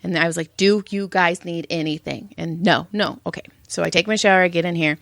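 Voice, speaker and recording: A woman's voice: on the low side, a little fast, vocal fry, no echo. Storytelling woman co-host, dry close sound. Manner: animated storytelling, acts out quotes. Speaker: podcast co-host. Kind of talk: casual chat.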